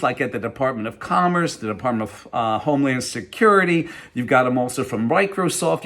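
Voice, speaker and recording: A middle-aged man, a company CEO, speaking to viewers directly in a protest vlog, emphatic and indignant. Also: fairly high pitch.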